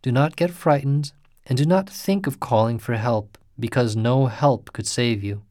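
A man's voice: medium pitch, unhurried, a little mellow, dry recording, studio quality, close to an everyday voice. A man voicing a kindly, protective Buddhist priest who gives solemn, earnest instructions.

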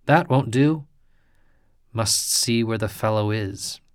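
A man voicing a grim, gruff male ghost warrior who calls out savagely and mutters in a deep voice. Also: takes it slowly, no echo, studio quality. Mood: grumbling. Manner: calling out harshly, then muttering.

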